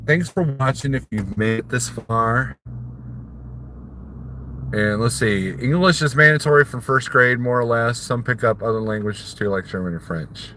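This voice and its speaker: A man's voice: medium pitch, normal speed, pushed and bright, slight background noise. A man from Missouri, a trucker hosting a casual live stream, rambling and answering viewer comments while chuckling at his own jokes. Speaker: trucker livestreamer.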